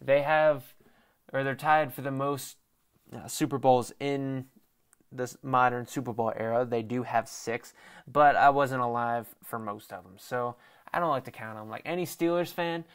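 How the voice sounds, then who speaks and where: A man's voice: mid-range voice, moderate pace, clean tone. A young man hosting a casual sports talk show, rambling off the cuff and swearing as he mocks a rival team. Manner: profane, excitable, mocking rival team; self-deprecating, off the cuff. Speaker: sports podcast host.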